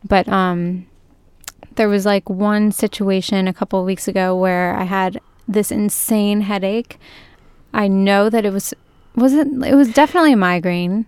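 A woman hosts a casual podcast chat. She gushes freely and strings her sentences together with "like". Her voice is smooth and clear, recorded dry and close. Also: medium pitch, fairly even intonation, moderate pace, darkish tone, dry recording. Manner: effusive, many "like" fillers. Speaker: podcast host and juice bar owner.

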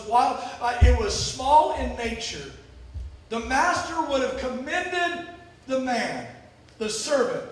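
A man preaching a sermon, telling stories and moving between sudden shouts and quiet drops, often repeating words as he restarts. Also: very high-pitched. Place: church. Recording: echoey hall from far off.

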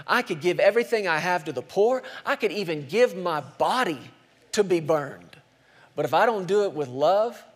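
A man preaching a sermon as pastor, slowing down and dropping soft for emphasis, then rising for punchlines. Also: high voice. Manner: dynamic preaching, slows and drops soft for emphasis, rises for punchlines.

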